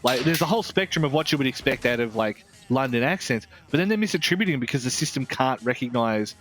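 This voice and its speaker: An Australian man giving a game review in loose, casual chat. He talks in a rambling, candid way, restarts often, and swears without a second thought. His voice sits at an ordinary middle pitch. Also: expressive, quick pace, background noise.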